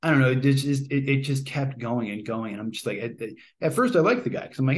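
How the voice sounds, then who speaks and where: A man's voice: mid-range voice, animated, a little fast. Rambling man reviewing a movie. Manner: rambling, many fillers and restarts. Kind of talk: casual spoken movie review.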